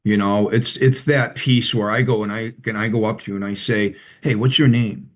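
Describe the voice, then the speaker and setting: Play an earnest, low-voiced man. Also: fairly even intonation. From Central Massachusetts. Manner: emotional, earnest, halting with many restarts. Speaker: recovery coach. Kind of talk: personal storytelling in an interview.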